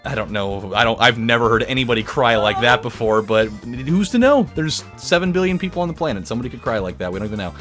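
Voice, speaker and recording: A man's voice: mid-range voice, lively intonation, fast talker, hardly any pauses, fairly bright tone. A man hosting a game playthrough, telling a rambling, crude, joking story in a casual chat. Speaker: let's play host. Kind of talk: casual storytelling over gameplay. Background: video game music.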